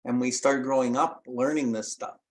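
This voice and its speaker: A man's voice: medium pitch, steady tone, normal speed, poor audio. A man hosting a recovery podcast, blunt and casually profane, reading from a book and discussing it. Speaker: podcast host.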